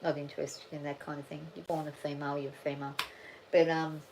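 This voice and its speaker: A woman's voice: deep voice, flat delivery, quick pace, creaky, noisy background. A middle-aged woman with an Australian accent, chatting casually and rambling with her viewers on a livestream. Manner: rambling, chatty, thinks aloud with many restarts. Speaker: farm channel vlogger. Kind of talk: casual live chat with viewers.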